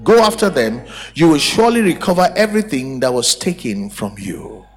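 Male pastor, emphatic sermon delivery, higher pitch, faint music under. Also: moderate pace. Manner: animated, emphatic preaching with rhetorical questions. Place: church service.

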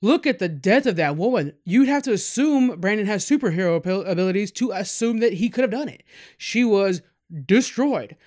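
A man's voice: high voice, animated, brisk, darkish tone. A man giving a casual, candid film review, rambling with asides and self-corrections. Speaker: movie reviewer.

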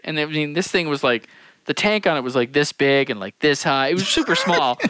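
A man's voice: on the high side, normal speed, bright, forceful tone, no room sound. A man co-hosting a podcast, telling a funny story among friends, laughing and acting out the people he quotes. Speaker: podcast co-host.

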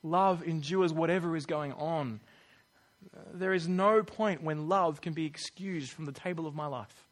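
Earnest man preaching, fairly high voice. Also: a little slow. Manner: earnest, conversational, acts out quoted voices. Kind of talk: sermon.

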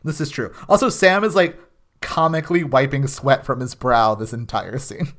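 A man's voice: medium pitch, moderate pace, fairly bright tone. A man co-hosting a podcast, recapping a TV episode in a rambling, casual way with many restarts. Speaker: podcast co-host. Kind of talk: casual chat.

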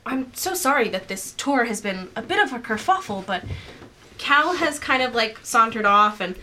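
A woman's voice: fairly high pitch, lively intonation, normal speed, bright, forceful tone, a little hiss or hum. A woman voicing a polite, fussy female temple scholar who talks in prim, apologetic reassurances and stammers a little. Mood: formal.

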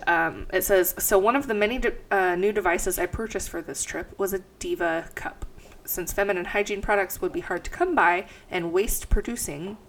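A woman's voice: on the low side, fairly bright tone, a little hiss or hum. A young woman with a stuffy nose co-hosting a casual podcast, swearing freely and laughing as she reads aloud. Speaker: podcast co-host. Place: house.

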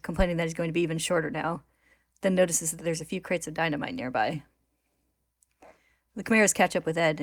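Woman narrator retelling a story, low-pitched, steady and clear, dry close recording. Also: no echo.

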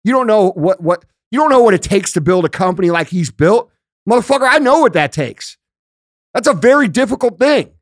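Profane, high-voiced male podcast host. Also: animated, brisk, dry recording, studio quality. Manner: profane, blunt, emphatic; conversational, uses everyday analogies. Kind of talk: casual podcast rant. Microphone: studio podcast microphone.

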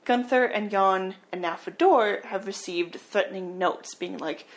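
A woman's voice: medium pitch, a little slow. Casual podcast host woman, chatty film recap, laughs along. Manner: chatty, laughs while retelling scenes.

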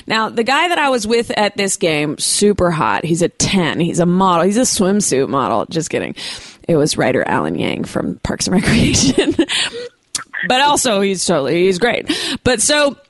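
A woman's voice: on the low side, big pitch swings, moderate pace, no room sound. A woman hosting a podcast, ranting in a brash, profane, playful, comedic way. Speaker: podcast host. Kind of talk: casual comedic chat.

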